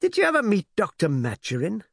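A man's voice: high-pitched, huge pitch swings, fairly quick, gravelly, husky, dry recording, clean studio sound, pitched above the performer's own voice, full character voice. A man voicing a chatty male naval lieutenant who tells gossip in a conversational way. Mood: gossipy.

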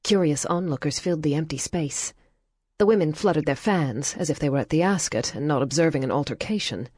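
A woman narrating an audiobook in a measured, even storytelling manner. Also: low voice, slightly rough, dry recording, clean studio sound. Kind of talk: scripted narration.

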